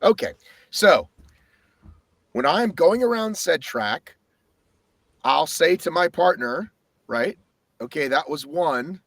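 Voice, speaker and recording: Lively, swearing man telling a race story. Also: a little high, slow, vocal fry, long pauses, no echo. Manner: animated storytelling, swears a lot. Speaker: podcast co-host. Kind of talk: casual race recap.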